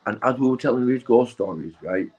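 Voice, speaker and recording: A man's voice: medium pitch, expressive, fairly quick, a little mellow, soft background music, poor audio. A young man, stoned and rambling through a sweary, casual story, checking in with his listener all the time. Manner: sweary, keeps tagging "right?" and "mate". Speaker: vlogger.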